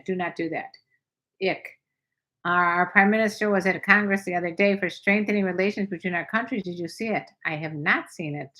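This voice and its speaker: A woman's voice: lowish voice, sharp tone, rough recording. An older woman hosting a casual livestream, reading viewer comments aloud and answering them in a frank, playful way. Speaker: livestream host.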